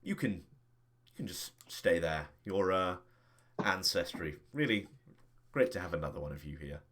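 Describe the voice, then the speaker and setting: A man's voice: low voice, animated, normal speed, a bit bright, slight background noise, pitched below the performer's own voice. A man voicing a smug, menacing woman crime boss who gushes and mocks in a theatrical way, in a tabletop game. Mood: gushing. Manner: gushing, mocking and theatrical.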